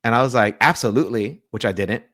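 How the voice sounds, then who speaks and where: A pastor, appearing as an interview guest, tells a personal story in a lively way, acting out the people involved and often restarting his sentences. His voice is medium-pitched and brisk, with no echo and clean studio sound.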